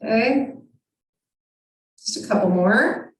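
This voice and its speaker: A yoga teacher leads a guided session with calm, encouraging step-by-step cues. Her voice is on the high side and slow, and she sounds distant because she's far from the mic in a very echoey room.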